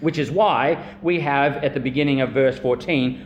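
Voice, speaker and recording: A man's voice: mid-range voice, moderate pace, dull audio. A man preaching a sermon as a pastor, earnest and emphatic, repeating phrases and drawing out key words. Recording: echoey room with faint hum.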